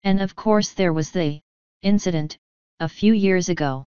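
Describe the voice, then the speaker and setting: A woman's voice: fairly low pitch, normal speed, a little mellow, clear, resonant tone, dry recording, lightly acted. A woman reading as a dry, wry old colonel. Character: retired older male colonel, dry and quietly scornful. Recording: dull lo-fi sound.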